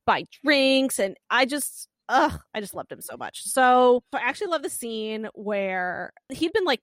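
A woman's voice: fairly high pitch, no room sound. A woman co-hosting a podcast, chatting casually about a drama series and retelling scenes with lots of energy. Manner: animated retelling with acted quotes and laughs. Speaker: podcast co-host.

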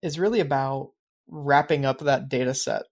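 A man's voice: medium pitch, moderate pace, vocal fry. A man co-hosting a podcast in casual chat, rambling and reflective, with many fillers. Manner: reflective, explains his planning habits at length. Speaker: podcast co-host.

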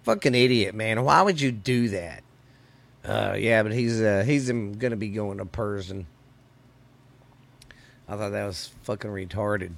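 On a poorly recorded podcast, a middle-aged man with a Southern Louisiana accent rambles loosely and profanely, calling his audience "baby." His slightly sore voice sits on the low side, unhurried with vocal fry and frequent pauses.

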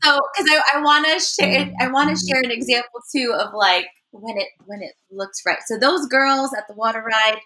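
Animated bright woman telling a family story. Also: a little high, moderate pace, hardly any pauses. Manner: animated, acts out family voices. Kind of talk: casual chat.

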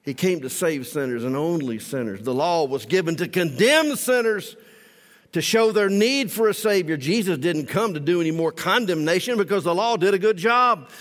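A male pastor preaching a sermon in a church, emphatic, swinging from loud declarations to soft asides. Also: high-pitched, expressive, normal speed, long reverb tail.

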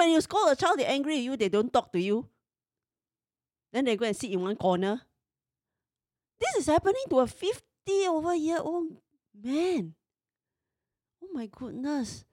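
A woman's voice: high voice, sing-song, unhurried, long pauses, no room sound, studio quality. A woman in her fifties tells a personal story in an emotional, exasperated way. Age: 50s.

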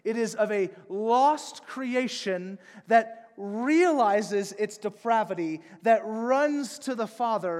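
Pastor guy preaching, kinda high voice, goes quiet then loud, big echoey church hall. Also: slow, hardly any pauses. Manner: emphatic, swings between soft and loud. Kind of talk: sermon.

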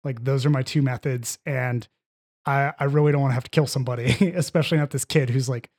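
A man's voice: mid-range voice, steady tone, fast, darkish tone. A man talking through a film in a casual podcast discussion, rambling with many fillers and restarts. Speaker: podcast co-host.

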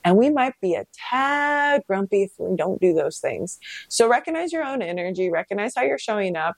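A woman in her thirties talks straight to the listener in a loose, candid self-help monologue, dropping swear words and acting out bits of conversation. Her pitch sits mid-range, and the room is dry and close with almost no echo. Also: big pitch swings, normal speed, vocal fry, few pauses. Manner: candid, swears freely, storytelling with quoted dialogue.

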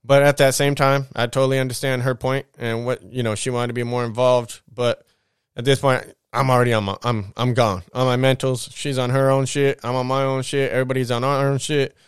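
Rambling smooth-voiced man, dry close sound. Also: medium pitch, flat delivery, fairly quick, no echo. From Southern California. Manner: rambling, loose slang with many fillers. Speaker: podcast host telling his life story. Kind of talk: casual storytelling.

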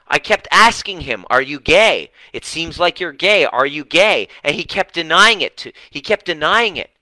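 A shrill, aggrieved middle-aged wife, as a man puts her on. She is distraught and insistent, and her voice jumps high and loud over a dry, close sound. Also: expressive, moderate pace, no echo, low-quality recording.

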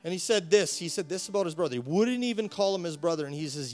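Impassioned preacher man over soft guitar. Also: a little high, expressive, fast talker, few pauses. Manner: impassioned, rising to emphatic preaching; repeats and restarts words as he builds. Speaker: pastor. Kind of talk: sermon.

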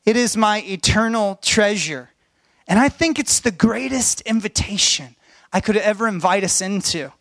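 A man's voice: sits high, expressive, moderate pace, fairly bright tone, no echo. A middle-aged man, a pastor, telling personal stories in a sermon in an earnest, heartfelt way.

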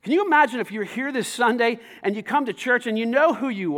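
A man preaching to his church, talking conversationally with many rhetorical questions and rising to shouts. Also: very high voice, brisk, hardly any pauses. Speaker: pastor. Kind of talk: sermon.

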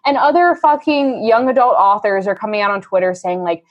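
A woman's voice: medium pitch, steady tone, a little fast, few pauses, dull audio. A woman on a podcast speaks with heated indignation, her casual talk full of swearing. She is plainly fed up and lays out her point with conviction. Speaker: podcast co-host. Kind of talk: casual chat.

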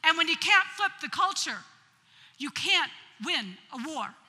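A woman's voice: extremely high pitch, sing-song, a little slow, pushed and bright, heavily acted. A woman quoting an earnest, persuasive military officer man during a sermon. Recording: long hall reverb.

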